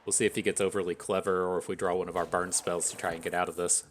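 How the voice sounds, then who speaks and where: A man giving casual commentary on his own card game as a streamer, thinking out loud in an analytical, wry way. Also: deep voice, flat delivery, fast.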